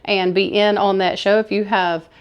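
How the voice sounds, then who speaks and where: A woman's voice: mid-range voice, level tone, moderate pace, smooth, dull audio. A woman, chatting enthusiastically to camera as she shows off her thrift haul. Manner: chatty, enthusiastic, says y'all. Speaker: thrift vlogger showing a haul. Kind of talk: casual haul chat to camera.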